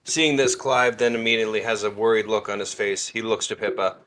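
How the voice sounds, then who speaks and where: A man narrating his character's actions in a tabletop game in a measured, steady way. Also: on the low side. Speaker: player.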